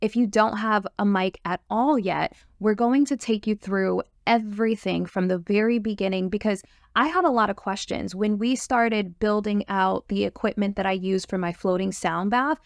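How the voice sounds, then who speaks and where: Gravelly-toned eager woman host. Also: mid-range voice, moderate pace, no room sound, clean studio sound. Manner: upbeat, eager, fillers and restarts. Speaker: host, sound therapy course creator. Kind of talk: enthusiastic course promo chat.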